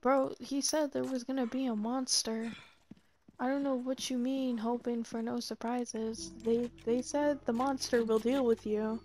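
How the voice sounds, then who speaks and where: A woman's voice: on the high side, little pitch movement, unhurried, darkish tone. A woman streamer giving casual gameplay commentary, chatty, profane and teasing, laughing often.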